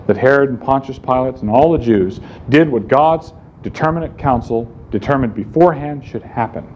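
A man's voice: mid-range voice, moderate pace, a little mellow. A man preaching a sermon in an emphatic way, asking rhetorical questions and answering them himself. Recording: slightly dull recording with faint room noise.

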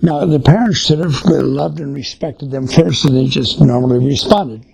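A man's voice: mid-range voice, moderate pace, gravelly, a little mellow, breathy edge, poor audio. An older man giving an informal, folksy sermon on family life, telling anecdotes. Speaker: Christian speaker on family life.

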